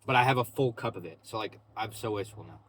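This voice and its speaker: A man's voice: on the low side, quick pace, a bit bright. A young man vlogging from his parked car in a parking lot, chatting loosely and casually, full of "bro" and "like". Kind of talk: casual rambling vlog chat.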